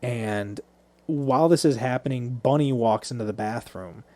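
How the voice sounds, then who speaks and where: A man's voice: medium pitch, moderate pace, darkish tone. A man co-hosting a podcast, recapping a movie scene by scene in a loose, profane, storytelling way. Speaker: podcast co-host.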